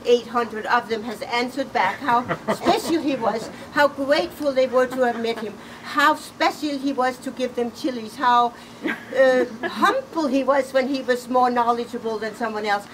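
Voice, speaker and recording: A middle-aged woman giving a personal eulogy, halting and emotional, laughing through tears. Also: a little high, recorded from a distance. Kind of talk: personal eulogy, casual storytelling. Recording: noisy room ambience.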